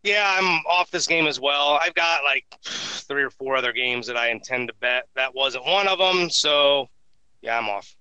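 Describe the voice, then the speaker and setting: A man co-hosting a sports betting podcast, giving his picks in relaxed casual chat. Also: mid-range voice, moderate pace, clean tone, no room sound, muffled recording.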